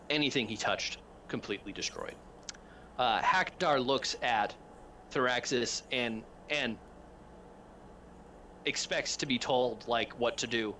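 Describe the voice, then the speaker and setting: A male game master narrating a tabletop session with a bright, forward voice. He rambles through the scene, full of ums and restarts, over a faint hiss. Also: on the low side. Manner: rambling, filler-heavy narration.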